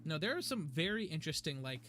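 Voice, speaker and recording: A talkative man on a live game stream, his voice sitting a little high for a man. He rambles loosely between topics and breaks into easy laughter as he plays. Soft game music runs underneath. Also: sing-song, quick pace. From United States. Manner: chatty and rambling, laughs easily. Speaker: gaming streamer. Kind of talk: casual live-stream chat while playing. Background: faint game music.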